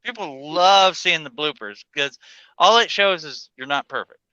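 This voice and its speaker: A man in casual chat telling a story, hesitant with fillers, with a smooth voice. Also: a little high, lively intonation, normal speed, pushed and bright, dry recording, highs cut off.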